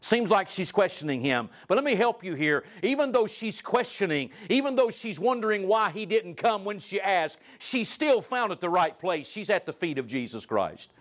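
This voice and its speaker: A male guest preacher delivering a sermon, reading scripture aloud and asking the congregation direct questions, his pitch and loudness swinging widely. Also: very animated, moderate pace, hardly any pauses. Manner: reads scripture aloud in old-style wording; asks the listeners direct questions.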